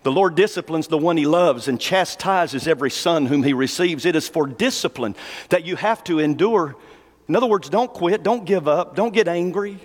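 A pastor preaching a sermon in a folksy, conversational way and slowing down to read scripture. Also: male voice, on the high side, expressive. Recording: long hall reverb.

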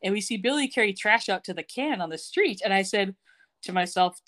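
A woman's voice: medium pitch, lively intonation, fairly quick, a bit bright. A woman co-hosting a podcast, recapping a TV episode in casual chat, sarcastic and laughing often. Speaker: podcast co-host.

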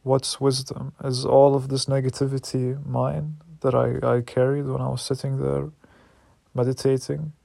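Gravelly guy ranting about his family, flat low-key delivery, dry close sound, keeps restarting, swears a lot. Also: moderate pace, no echo. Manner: raw, angry, searching, with repeated restarts and swearing. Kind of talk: personal reflective monologue.

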